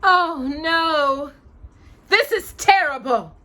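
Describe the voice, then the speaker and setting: Woman voicing a fussy motherly fairy, flustered, exclaiming, high and bright. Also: sing-song, unhurried, exaggerated voice. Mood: fussing.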